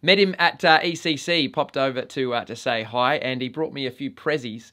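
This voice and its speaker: A man's voice: mid-range voice, moderate pace, bright, forceful tone. A man with an Australian accent hosting a casual review vlog, swearing constantly in a blokey, joking way. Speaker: vape reviewer and channel host.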